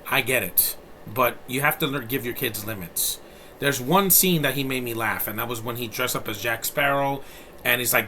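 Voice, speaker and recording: Blunt, bright-voiced man reviewing films. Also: mid-range voice, a little hiss or hum. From New York City. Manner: blunt and profane, rambling with many fillers. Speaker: movie reviewer. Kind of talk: casual spoken film review.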